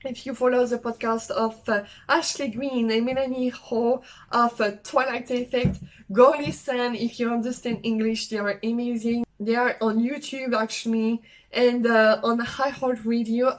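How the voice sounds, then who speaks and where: A young woman from France with a French accent, chatting casually and haltingly in a travel vlog, with many fillers. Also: fairly high pitch, steady tone, low-quality recording. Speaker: travel vlogger. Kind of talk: casual solo vlog talk.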